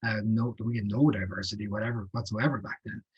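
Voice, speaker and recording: Man, panel moderator, husky voice, muffled lo-fi audio, halting. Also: fairly low pitch, steady tone. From Ireland. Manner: thoughtful, halting with fillers.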